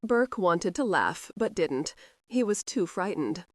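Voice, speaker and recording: Audiobook narrator, woman, measured, low-ish pitch, dry close sound. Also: sing-song, no room sound. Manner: measured storytelling. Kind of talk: scripted narration.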